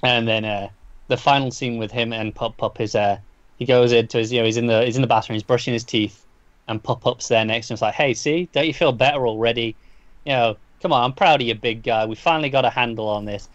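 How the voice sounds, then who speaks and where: A man chats through a comic book plot in an easy podcast style, circling back and restarting his sentences as he goes. His voice sits at an ordinary middle pitch, and the recording is dry and a little dull, with little room sound. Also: steady tone, fast, dry recording. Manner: rambling recap with frequent restarts and fillers. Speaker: podcast co-host. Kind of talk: casual comic book review chat.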